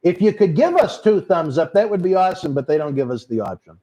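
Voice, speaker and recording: Talking fast and expressively in a somewhat high, mellow voice, a Boston-accented man runs a live wrestling watch-along stream. He reads viewer comments aloud and calls folks brother, and the recording's highs are cut off.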